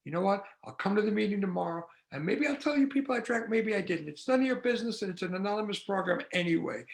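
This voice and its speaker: Man, recovery meeting speaker, high voice, gravelly edge, candid self-mocking storytelling. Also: fairly bright tone, echoey room. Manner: acts out inner voices and dialogue. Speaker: AA speaker sharing his story.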